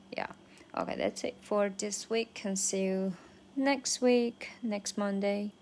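A young woman, a native Mandarin speaker, casually practicing English pronunciation and repeating phrases slowly to drill the linking sounds. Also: mid-range voice, vocal fry. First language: Mandarin Chinese.

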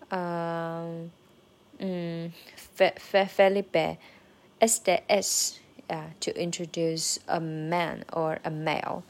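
Speaking in a fairly low voice, a native Mandarin Chinese speaker records a casual audio diary about learning a language. She hesitates, uses many fillers, and pronounces practice phrases with care.

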